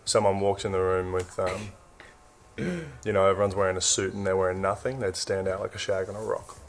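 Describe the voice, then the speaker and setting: A young Australian man with an Australian accent, casually explaining slang in a relaxed drawl. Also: sits low, a little fast. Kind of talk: casual explainer in a played clip.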